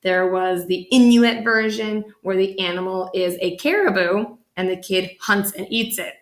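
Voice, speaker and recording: Woman storyteller, animated picture-book reading with lively pitch leaps, mid-range voice. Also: moderate pace, roomy sound. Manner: animated, voices the characters with big pitch jumps.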